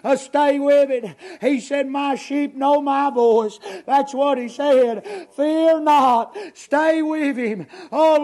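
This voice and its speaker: A man preaching an impassioned revival sermon, chanting repeated phrases and shouting out to the congregation. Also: very high-pitched.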